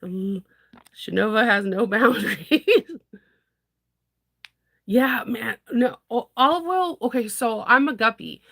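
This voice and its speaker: A woman's voice: a little high, takes it slowly, vocal fry, pauses often, bright, forceful tone. A woman in casual chat, rambling through stories with frequent laughter. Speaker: content creator.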